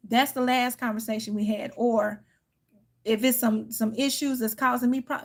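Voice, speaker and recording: A woman's voice: on the high side, moderate pace. A woman, telling a heated, profane story to her viewers. She sounds tired and irritated. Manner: heated, profane, animated storytelling with quoted outbursts. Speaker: tarot reader and channel host. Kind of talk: casual venting story to viewers.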